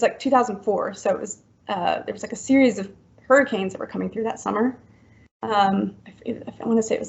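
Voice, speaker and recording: A woman in her thirties, a podcast guest from Florida, telling a personal story in a halting way full of likes and ums. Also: medium pitch, vocal fry, darkish tone. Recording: dull lo-fi recording.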